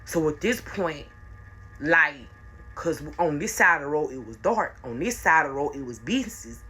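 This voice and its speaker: A woman's voice: low-pitched, lively intonation, moderate pace, bright, forceful tone, husky. A young woman telling a personal story in casual, slangy, repetitive narration. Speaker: storyteller vlogger.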